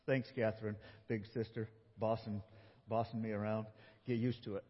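A man's voice: fairly low pitch, normal speed. A male pastor giving a playful children's sermon, guiding kids as they act out a scripture story. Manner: playful, animated, talks with children. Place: church sanctuary. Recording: dull recording in a big reverberant church.

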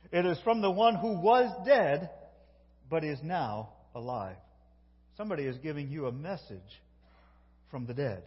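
A middle-aged male pastor delivers a folksy, homespun sermon, cracking jokes and frequently interrupting himself to restart sentences. His somewhat husky voice sits a little high. The dull, lo-fi recording carries a long reverb from a large church.

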